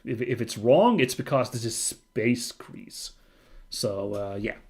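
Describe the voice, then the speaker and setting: A man's voice: medium pitch, takes it slowly, vocal fry, husky. Man reading a game aloud on stream. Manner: reads narration evenly, breaks into chatty excited asides. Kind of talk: reading game text aloud with casual commentary.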